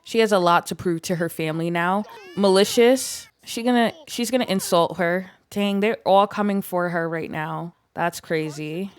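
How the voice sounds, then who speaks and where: A woman's voice: fairly low pitch, normal speed. A young woman giving casual gameplay commentary, chatting in a filler-heavy way and voicing what the game characters might be thinking. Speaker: gaming YouTuber.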